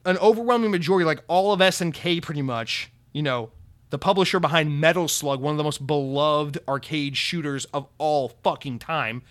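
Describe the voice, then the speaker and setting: A man's voice: on the high side, fairly bright tone. A young man from the United States hosting a podcast, ranting in a heated, sarcastic and profane way. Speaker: podcast host. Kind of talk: opinionated podcast rant.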